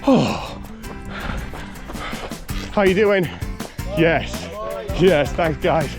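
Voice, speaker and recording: Music plays behind a man with a fairly high pitch who draws out his words. He is a running vlogger from North East England with a matching accent, breathlessly and cheerily chatting through a trail run on an outdoor hill and woodland path. He laughs frequently and greets the runners he meets.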